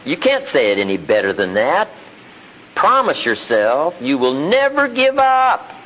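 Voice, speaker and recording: Man giving a motivational seminar, husky voice on the high side, tinny old phone-like recording. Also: huge pitch swings, a little slow. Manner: emphatic, with repeated rhetorical questions. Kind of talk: live seminar talk. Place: seminar room.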